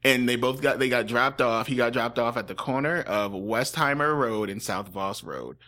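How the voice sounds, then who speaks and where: A man's voice: medium pitch, moderate pace, sharp tone. A man co-hosting a true-crime podcast, chatting casually and joking between the facts. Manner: joking, slips into impressions. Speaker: podcast co-host.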